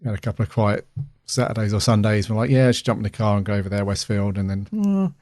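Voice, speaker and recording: A man's voice: on the low side, flat delivery, fast, a little mellow, no echo, clean studio sound. A middle-aged man co-hosting a podcast, rambling casually with lots of fillers and restarts. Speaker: podcast co-host. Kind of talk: casual chat.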